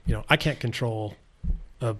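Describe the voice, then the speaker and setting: A man's voice: medium pitch, normal speed. A man from South Dakota, a bike race mechanic, telling stories in a laid-back, casual way on a podcast, full of "like" and "dude". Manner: laid-back, heavy on "like" and "dude", animated retellings. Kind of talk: casual storytelling interview.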